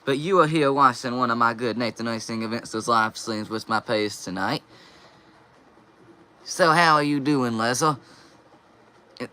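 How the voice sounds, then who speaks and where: A man's voice: medium pitch, sharp tone. A young man hosting a casual live stream, reading viewer comments aloud and answering them.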